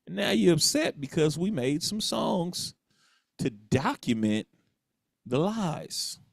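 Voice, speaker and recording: A man's voice: fairly high pitch, very animated, takes it slowly, vocal fry, slightly rough, no room sound, studio quality. Man preaching his point on a podcast. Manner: emphatic, repeats phrases for effect, mocking quotes. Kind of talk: podcast talk, preachy commentary.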